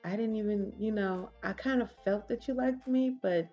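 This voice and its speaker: A woman putting on a shy young woman, bashful and giggly, her voice lifting a little higher than the narrator's own. She sounds flustered and sweet. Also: moderate pace, dull audio, faint music behind, natural voice.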